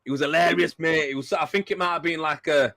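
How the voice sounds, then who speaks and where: A man's voice: fairly high pitch, steady tone, fast talker, pushed and bright, no room sound. A young man, a podcast host, chatting casually, swearing and laughing as he tells stories. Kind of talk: casual chat.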